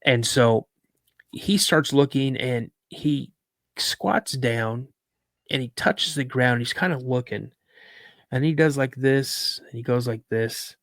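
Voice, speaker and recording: Male podcast guest, lively storyteller, mid-pitched, dry close mic. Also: slow, dry recording. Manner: lively storyteller, repeats words for emphasis. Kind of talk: recounting a personal encounter story.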